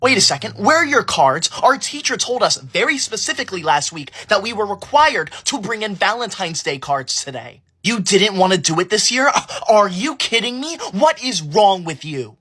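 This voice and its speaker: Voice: medium pitch, big pitch swings, normal speed, pushed and bright, breathy edge, heavily acted. Someone doing a snooty know-it-all classroom snitch, huskyish voice that swings up and down a lot, super prissy. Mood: indignant. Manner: prissy, self-righteous, snitching to the teacher. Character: smug tattletale know-it-all schoolkid, teacher's pet. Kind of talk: comedy skit acting.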